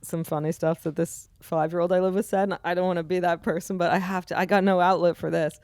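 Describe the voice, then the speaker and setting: Female co-host, slightly low voice, dry close sound, animated storyteller. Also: no room sound. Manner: animated anecdote telling, quick to laugh. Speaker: podcast co-host. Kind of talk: casual comedic chat.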